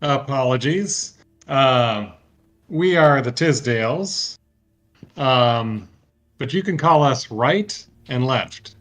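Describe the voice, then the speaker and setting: Man doing a polite twin, slow unhurried delivery, mid pitch. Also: expressive, fairly bright tone. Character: polite twin speaking for a pair, calm.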